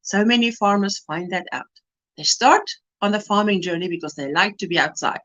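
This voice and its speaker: A woman's voice: medium pitch, animated, fairly quick, a bit bright, muffled recording. A woman from South Africa hosting a casual livestream, reading viewer comments and weather reports aloud and greeting people by name. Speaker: livestream host.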